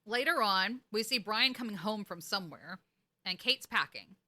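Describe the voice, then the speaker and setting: A woman's voice: medium pitch, moderate pace. A woman co-hosting a podcast, recapping an episode in casual chat and acting out the characters' lines with laughter. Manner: animated storytelling, acting out quotes, laughing. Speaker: podcast co-host.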